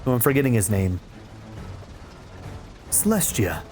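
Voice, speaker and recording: A man chats his way through a retro-style role-playing game, his pitch bouncing around as he reacts. He shifts between relaxed commentary and loud mock outrage at the villain. Quiet game music plays beneath his voice. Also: a little slow. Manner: reads in-game dialogue aloud and reacts. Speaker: let's play host. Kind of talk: casual gameplay commentary.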